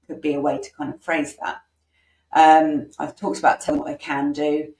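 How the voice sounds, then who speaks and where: In an informal online session for parents, a woman with a low, darkish voice delivers her coaching flatly at a moderate pace. Her speech is casual and sprinkled with ums, and she shifts into example lines for children. The audio feels roomy, as if she's a bit distant from the microphone.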